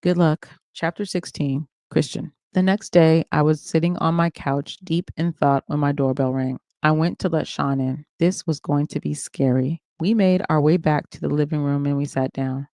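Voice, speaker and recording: Livestream book reader; mellow, dry close mic, first-person memoir narration. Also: mid-range voice, fairly even intonation, normal speed, few pauses, no echo. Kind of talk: reading a memoir aloud.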